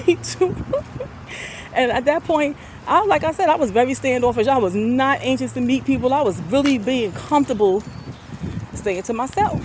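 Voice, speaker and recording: A middle-aged woman talks to her viewers into a phone held at arm's length, chatty and quick to laugh, then earnest and soft. She sounds a little out of breath, and her voice sits fairly high. Clear traffic noise runs behind her. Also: low-quality recording. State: out of breath and sweaty. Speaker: vlogger. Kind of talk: personal storytelling to viewers.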